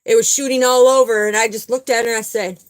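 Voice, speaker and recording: Her slightly high voice stays fairly even in intonation while she talks fast, captured on a low-quality recording. The speaker is a spiritual vlogger offering casual testimony, earnestly recounting a personal story and frequently repeating things for emphasis.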